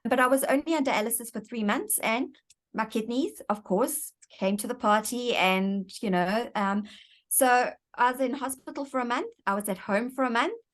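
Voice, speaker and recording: A woman's voice: fairly high pitch, normal speed. A woman guest in an interview, telling her personal story in an earnest, reflective way and often repeating words as she thinks.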